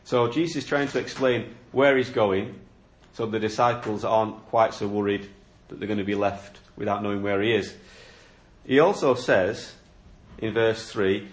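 A man's voice: on the low side, moderate pace. A man preaching a sermon, explaining a Bible passage in an earnest, questioning way. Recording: echoey room.

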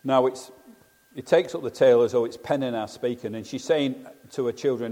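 A man preaches a sermon in an earnest, conversational way, frequently posing rhetorical questions. His voice is medium-pitched, fairly quick and dark in tone, and the recording carries a long hall reverb.

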